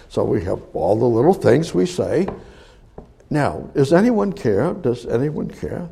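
A man preaching a sermon, swinging from slow, loud emphasis to quiet asides. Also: medium pitch, sing-song, gravelly, husky.

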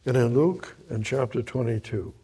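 A man preaching, reading scripture verse by verse and explaining it, moving between loud emphatic bursts and hushed quiet passages. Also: mid-range voice, moderate pace, slightly rough. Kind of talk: verse-by-verse Bible teaching.

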